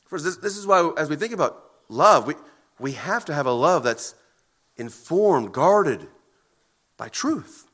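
Man, pastor, sermon, high voice, sharp forceful tone, earnest, pausing for emphasis. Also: very animated, husky. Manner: earnest, emphatic preaching with deliberate pauses.

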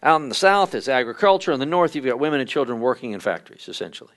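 A man giving a conversational church history lesson at a midweek church service, often pausing with fillers and reading quotations aloud. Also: medium pitch, very animated, fairly bright tone.

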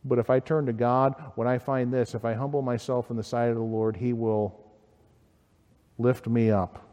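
Earnest preaching man in a hall. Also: dull audio. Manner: earnest, rising emphatically then dropping low and quiet. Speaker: pastor. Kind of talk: sermon. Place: church sanctuary.

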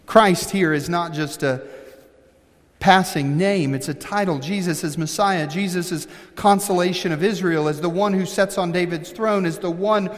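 High-voiced man preaching in a reverberant hall. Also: moderate pace. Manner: emphatic preaching, reads scripture aloud with commentary. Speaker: pastor. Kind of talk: sermon.

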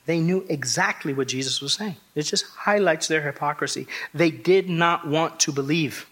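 Male pastor, slightly high and husky, conversational but emphatic pulpit delivery. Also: normal speed, hardly any pauses, a bit bright. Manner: emphatic, conversational preaching with frequent restarts and rhetorical questions. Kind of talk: expository sermon.

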